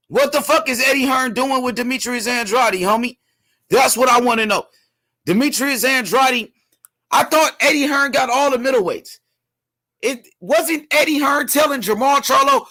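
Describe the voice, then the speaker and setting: A man with a strikingly high voice hosts a casual boxing commentary livestream. He rants heatedly and profanely, often shouting his questions, and stops to read viewer comments aloud. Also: moderate pace.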